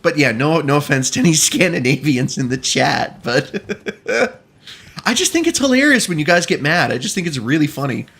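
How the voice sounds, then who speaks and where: A male streamer chatting loosely over his gameplay, his voice bright and forward. He swings up and down a lot in pitch as he jokes with chat, sitting a bit higher than most men. He laughs easily and keeps things playful. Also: sing-song, moderate pace, creaky, husky. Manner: joking, chatty, laughs often. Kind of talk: casual gaming commentary.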